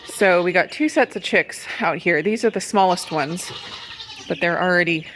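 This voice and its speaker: Woman with a low, even voice, chatting in a vlog. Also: normal speed, a little hiss or hum. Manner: coos in a high sing-song voice to the animals. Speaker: vlogger. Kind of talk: casual food and farm vlog narration. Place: small home farm and home kitchen.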